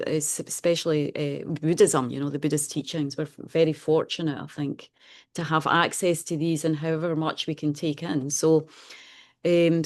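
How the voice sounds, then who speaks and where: Scottish lady in her 50s, buddhist nun teaching a class, soft and chatty, lowish voice. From Scotland. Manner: chatty, soft-spoken, many "you know"s, light laughs. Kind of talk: casual classroom talk. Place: meditation class room.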